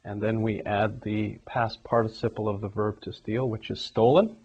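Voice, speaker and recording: A man teaching English grammar, explaining examples step by step in a steady classroom manner. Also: lowish voice, moderate pace, breathy edge. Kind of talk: grammar lesson. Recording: dull lo-fi recording.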